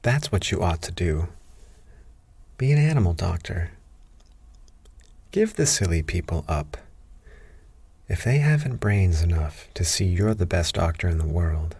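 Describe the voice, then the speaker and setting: A man's voice: low voice, very animated, unhurried, pauses often, a little mellow, slightly rough, no room sound, exaggerated voice. A man voicing a proud, bossy talking female parrot in a bedtime storybook reading.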